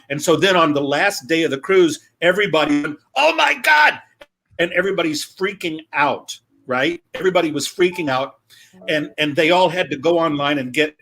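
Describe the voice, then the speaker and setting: A male comedian on a video call, telling stories in a lively chatty way with quick asides. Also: on the high side. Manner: animated, quick asides, acts out quoted voices. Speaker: comedian guest. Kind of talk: casual comic storytelling.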